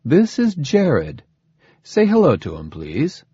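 A man voicing a calm, dryly mocking scientist father in an audiobook. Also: fairly high pitch, slow pace, no room sound, highs cut off, pitched above the performer's own voice, exaggerated voice. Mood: gentle, explaining. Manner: dry, smooth, faintly mocking.

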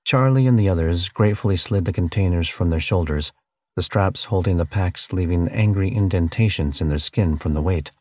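A man narrating an audiobook in a steady, measured reading. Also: sits low, no echo, studio quality. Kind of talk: scripted narration.

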